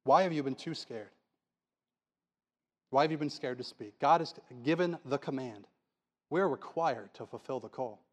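A man's voice: medium pitch, normal speed, pauses often. A man preaching a sermon in a church, pleading with the congregation through earnest rhetorical questions.

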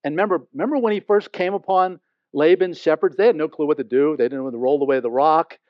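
Man, pastor, sermon, high voice, dry dull recording. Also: fast, no room sound. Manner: animated, acts out quoted speech. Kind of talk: expository sermon.

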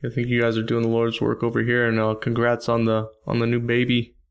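Relaxed male podcast guest, smooth resonant voice, flat delivery. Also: mid-range voice, brisk. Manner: friendly, relaxed. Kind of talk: casual podcast chat.

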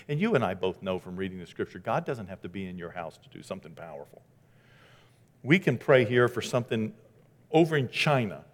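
A man preaching a sermon as pastor, dramatic, dropping to a hush and rising to loud exclamations. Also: fairly low pitch, in a large hall. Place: church sanctuary.

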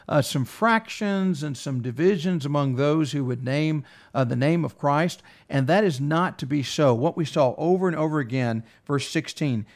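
A man teaching from scripture, reading verses aloud in an earnest Bible study discussion. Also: on the high side.

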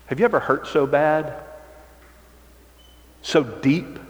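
In a large, reverberant hall, a man preaches as pastor. He reads scripture at a slow, drawn-out pace and moves dramatically between loud, forceful stress and soft, hushed tones.

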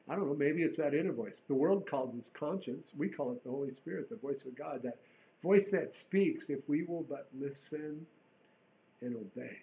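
A man preaching a sermon with a fairly high voice. He is earnest, rising to emphatic bursts and sinking to a hush. The recording sounds dull and lo-fi. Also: lively intonation, moderate pace, slight background noise.

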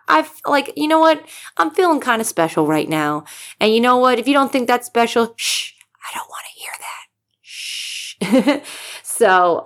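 A woman in her thirties hosts a solo podcast with a slightly low voice. She chats on casually and excitably, with lots of fillers and easy swearing. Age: 30s. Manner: excitable, chatty, swears freely, many fillers. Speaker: podcast host.

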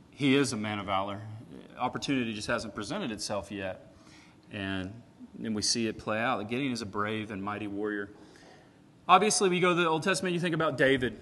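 A man preaching a sermon in a conversational, animated way, swinging from loud emphatic peaks to quiet asides. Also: medium pitch, slight background noise. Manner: animated, conversational, with frequent "right?" and "like".

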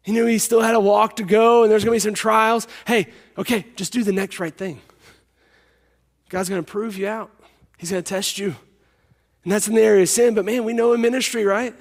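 A man delivers a sermon in a high, ringing voice. He presses his points by repeating them and drops low for his stories. Long reverb from a big hall trails every phrase. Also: fairly even intonation, a little fast. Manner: emphatic, repeats key lines, drops to a hush for stories. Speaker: preacher.

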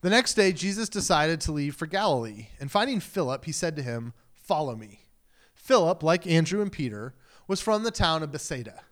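A man preaching with a slightly higher voice and lots of lively energy. He reads scripture, then breaks into casual, conversational explanation, putting on voices for the people in the story. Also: normal speed. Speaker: pastor. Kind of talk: sermon.

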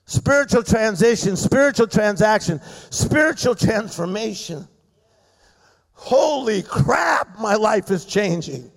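A man's voice: high-pitched, lively intonation, slow pace, creaky. A middle-aged man preaching a fervent sermon at a church service, rousing the congregation with call-and-response. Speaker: guest preacher. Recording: echoey hall reverb.

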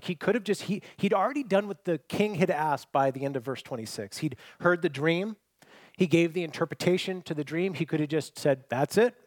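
A man preaching a sermon, earnest and conversational, rising to loud emphasis and dropping to near-quiet. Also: on the high side, no room sound. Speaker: pastor.

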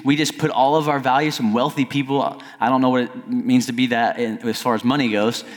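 A middle-aged male pastor preaching a sermon in a conversational style, at times climbing to near-shouting. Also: medium pitch, steady tone, a little fast. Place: church sanctuary. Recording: long reverb of a church hall.

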